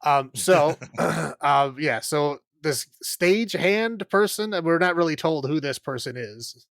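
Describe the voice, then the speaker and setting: A man's voice: fairly high pitch, expressive, unhurried, creaky, a bit bright, dry recording. Rambly podcast host man, dry sound. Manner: rambling, filler-heavy, laughs often. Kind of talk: casual chat recapping a film.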